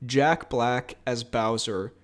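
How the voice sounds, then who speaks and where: A man's voice: medium pitch, takes it slowly, over a noisy crowd. A man hosting a podcast in casual chat, jokey and rambling, laughing often. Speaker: podcast host.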